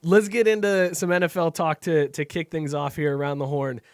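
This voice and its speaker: A man's voice: fairly high pitch, fairly even intonation, normal speed. A man hosting a casual podcast chat over a video call, joking and laughing often at his own lines. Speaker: podcast host.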